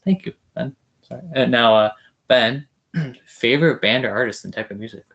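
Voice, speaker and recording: A man's voice: medium pitch, moderate pace, dull audio. Eager young man hosting a podcast. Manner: eager, starstruck, soft-spoken asides. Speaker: podcast host. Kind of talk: casual interview.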